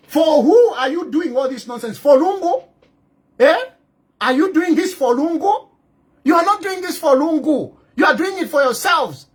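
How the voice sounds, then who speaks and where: A middle-aged man with a Zambian accent delivers a heated, scolding address. His voice sits high and swings widely in pitch. He presses home his points with repeated rhetorical questions. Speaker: political commentator. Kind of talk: impassioned direct-to-camera address.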